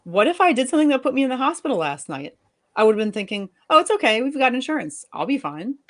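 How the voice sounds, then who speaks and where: A woman reading the part of a fed-up young wife and mother, sharp and sarcastic with her husband. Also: fairly high pitch, sing-song, very fast. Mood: scolding. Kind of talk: live fiction reading.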